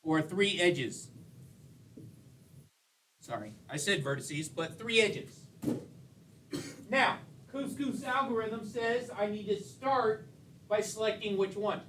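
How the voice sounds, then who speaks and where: A male teacher with a high, expressive, slightly bright voice lectures slowly with frequent pauses, teasing his students with jokes along the way. The recording is echoey, from a distant mic in a classroom with faint room noise.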